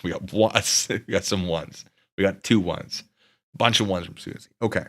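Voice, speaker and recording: A man's voice: low voice, normal speed. A man hosting a stream, chatting casually with his viewers in a rambling, joking way. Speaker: streamer and video host. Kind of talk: casual chat to live chat.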